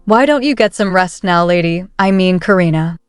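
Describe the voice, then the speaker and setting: A woman's voice: lowish voice, expressive, normal speed, smooth, no echo, soft background music, natural voice. Woman reads young male duke, direct and kind, own voice, storybook recap. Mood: matter-of-fact. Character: young duke, blunt but caring.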